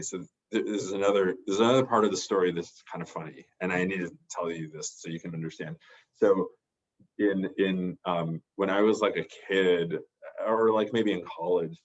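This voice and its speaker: In lo-fi audio, a low-voiced man who works as a therapist shares a personal anecdote on a podcast. He wanders through it loosely, often restarting and leaning on filler words.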